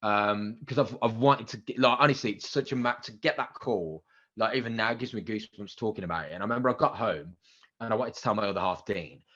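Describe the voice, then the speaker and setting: A man in his thirties, a radio presenter, telling animated stories as a podcast guest and acting out the quotes. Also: on the low side, fast talker, muffled recording. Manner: animated anecdotes with acted-out quotes and excited outbursts. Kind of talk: casual interview storytelling.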